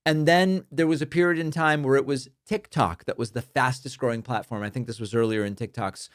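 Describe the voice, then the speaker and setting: A man's voice: medium pitch, steady tone, fairly quick, no room sound, studio quality. A man hosting a political talk podcast, speaking in a conversational way, thinking aloud with fillers and restarts as he reads out listener mail. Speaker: podcast host.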